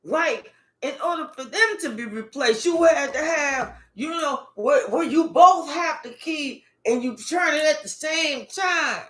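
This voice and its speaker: A woman giving a casual tarot reading, animated and profane, with emphatic outbursts. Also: high voice, measured pace, hardly any pauses, reverberant. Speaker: tarot reader.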